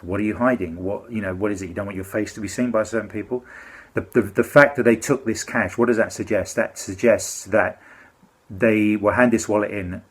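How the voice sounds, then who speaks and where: A man with a husky, slightly breathy voice pitched on the low side. He tells a complaint story in loose, rambling speech, full of restarts and self-corrections. His indignation keeps breaking through as he goes. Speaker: complaining customer. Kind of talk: casual spoken complaint.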